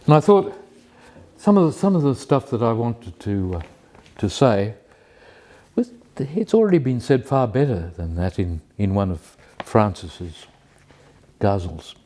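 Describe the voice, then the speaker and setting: A man telling a personal story with many pauses and restarts, then reading poetry slowly and carefully. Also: lowish voice, big pitch swings, dark tone. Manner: hesitant, many restarts and fillers, self-deprecating; slow, measured recitation of verse. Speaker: community member sharing a personal story.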